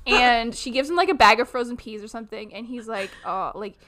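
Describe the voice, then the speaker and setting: A woman's voice: a little high, a little fast, fairly bright tone. Giggly young woman co-hosting a podcast. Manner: giggly, acts out movie quotes. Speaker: podcast co-host. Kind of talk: casual chat.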